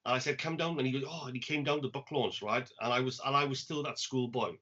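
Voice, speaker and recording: A man, co-hosting a poetry podcast, telling an anecdote in a casual, animated way and acting out the quoted lines. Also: mid-range voice, fast talker. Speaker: poet and podcast co-host. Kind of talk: casual storytelling chat. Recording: dull lo-fi podcast audio.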